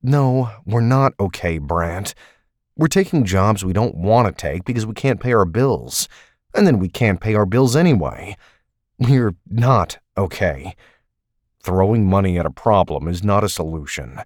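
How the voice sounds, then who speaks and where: A man's voice: deep voice, brisk, few pauses, a little mellow, no echo, clean studio sound, lightly acted. A male narrator voicing a tense, blunt ex-agent who speaks tersely and coolly. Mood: frustrated. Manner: terse, cool and cutting. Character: tense, blunt man, fed-up ex-field agent partner.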